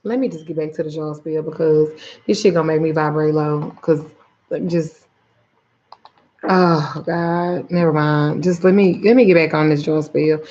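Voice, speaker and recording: Her voice sits low and darkish, with fairly even intonation and a moderate pace, while the recording loses its high frequencies. She's a spiritual reader and root worker on a laid-back livestream, reading viewers' names aloud and recounting a profane, exasperated tale.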